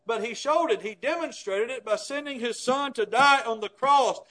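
A man with a very high voice delivers a sermon. He talks emphatically, punching some words hard and letting others fall away to a hush. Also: normal speed. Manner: emphatic, swings from loud stresses to hushed low phrases. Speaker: preacher.

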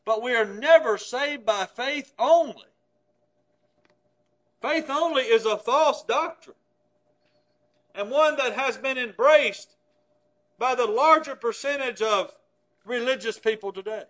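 A man preaching a sermon, stressing words loudly and then dropping to hushed, low phrases. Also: slow, long pauses.

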